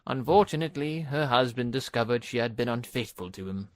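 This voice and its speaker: A man voicing a calm wise old engine. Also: mid-range voice, no room sound, clean studio sound, lightly acted. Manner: measured storytelling.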